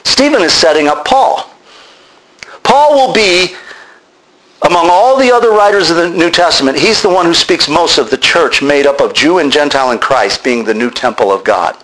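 A man's voice: a little high, a bit bright, low-quality recording. A man preaching a sermon, emphatic and exhorting his listeners directly.

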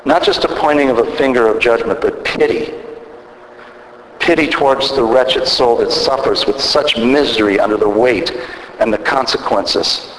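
A man preaching a sermon as pastor, earnest and measured, pausing and restarting as he works through scripture. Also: mid-range voice, fairly bright tone, a little hiss or hum. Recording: echoey hall from a distance.

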